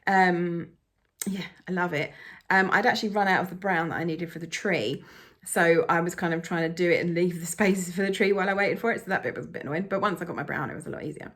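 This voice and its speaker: A woman's voice: on the low side, steady tone, quick pace, a bit bright. A woman, a cross-stitch vlogger gushing enthusiastically through a casual show-and-tell.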